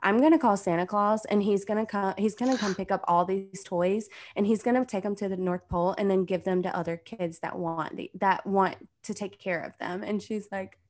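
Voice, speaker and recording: A woman's voice: mid-range voice, steady tone, brisk, hardly any pauses. Woman, 30s, casual chat, laughs a lot, playful. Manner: laughs often, eggs others on.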